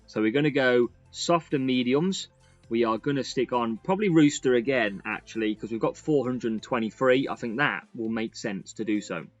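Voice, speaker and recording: A man giving lively, excitable commentary over a racing game he is playing. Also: medium pitch, normal speed, muffled recording, faint music behind. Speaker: gaming YouTuber. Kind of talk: gameplay commentary.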